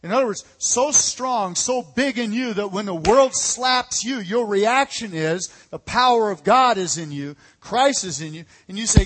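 A male pastor preaching a lively, conversational sermon, calling out to the congregation. His voice is high for a man. It rings with a long echo in a church hall. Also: a little slow, hardly any pauses. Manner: energetic, conversational preaching with call-outs. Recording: echoey hall.

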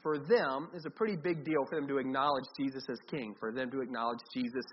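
A man's voice: medium pitch, fast. A man preaching a sermon in a conversational way, thinking aloud with restarts. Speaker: pastor. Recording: dull, slightly lo-fi with faint noise.

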